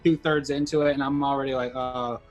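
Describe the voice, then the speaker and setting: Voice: mid-range voice, brisk, music in the background. Rambling co-host of a film review. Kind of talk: casual review discussion.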